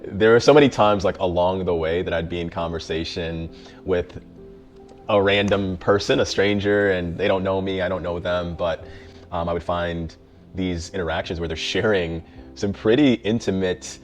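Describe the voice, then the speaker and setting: A middle-aged man with a very low, deep voice speaks in an easygoing, reflective way, pausing on fillers and restarting sentences. Soft music plays faintly behind him. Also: fairly even intonation. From the Bronx, New York. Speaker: mental health therapist. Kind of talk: casual introductory talk.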